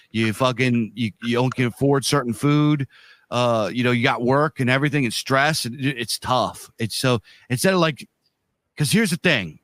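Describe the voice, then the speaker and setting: This man, aged somewhere in his 30s to 40s, co-hosts a podcast in a medium-pitched, fairly bright voice with no room sound. His casual talk is blunt and thick with swearing and slang.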